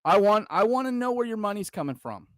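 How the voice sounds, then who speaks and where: A man's voice: high-pitched, expressive, fast, no room sound. Fired-up, foul-mouthed middle-aged man ranting. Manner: heated, profane, shouting rant. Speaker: podcast co-host, veteran. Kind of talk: casual podcast rant.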